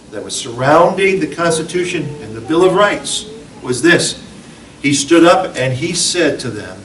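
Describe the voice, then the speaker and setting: A man giving a patriotic sermon-style speech, telling stories with dramatic swings from loud to hushed. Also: on the high side, slight background noise. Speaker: preacher. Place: event hall. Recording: echoey hall, mic from far off.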